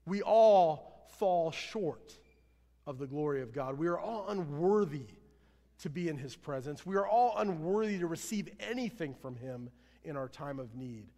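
A man preaching a sermon as pastor, earnest, swelling louder then dropping low at line ends. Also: animated, measured pace. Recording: long hall reverb.

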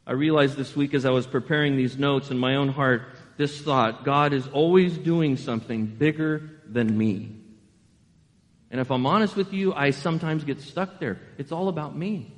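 Male pastor, sermon delivery, animated with rhetorical questions, slightly high voice, long hall reverb. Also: normal speed.

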